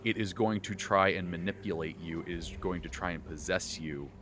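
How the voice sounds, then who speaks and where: A man hosting a podcast, recounting his tabletop game session as game master in a loose, animated way, with many restarts and bursts of laughter. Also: sits low, brisk, noisy background. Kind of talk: casual recap of a tabletop game.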